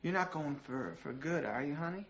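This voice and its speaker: A man's voice: a little high, expressive, fairly quick, fairly bright tone, slight background noise. A man playing a hotheaded young hockey failure. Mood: pleading. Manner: alternates pleading and apologetic. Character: young adult male failed hockey player, hotheaded but pleading.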